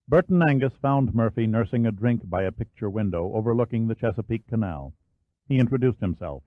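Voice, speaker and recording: A male narrator reading a thriller audiobook in measured, even scripted narration with a low voice. The sound is dry and band-limited, close to a phone line. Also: dry recording.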